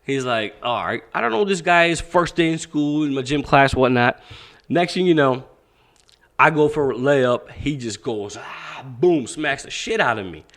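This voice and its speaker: A man's voice: medium pitch, expressive, normal speed, a bit bright. A man in his thirties, originally from Pakistan, tells a story from his past as a podcast guest. He talks casually, swears freely and acts out what people said, his voice swinging up and down as he goes. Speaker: podcast guest, boxing coach.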